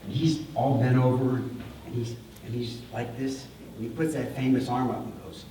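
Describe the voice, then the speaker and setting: A middle-aged man delivering a heartfelt eulogy at a memorial service, halting and repeating words as he speaks with feeling. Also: mid-range voice, steady tone, a crowd in the background. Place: large hall at a memorial service. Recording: echoey hall, voice far from the mic.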